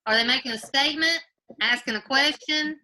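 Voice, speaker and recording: Brief: woman grade-school teacher on a video call from home, very bright, slightly high voice, patient, repeats questions. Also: brisk. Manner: patient, quizzes pupils by name, repeats questions. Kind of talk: online class teaching.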